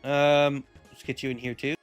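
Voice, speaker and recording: A man's voice: mid-range voice, flat delivery, normal speed, clear, resonant tone, highs cut off. Laid-back male streamer, game music behind. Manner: laid-back, chatty, with play-by-play calls. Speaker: streamer and host of a game fight night. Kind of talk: casual live-stream commentary.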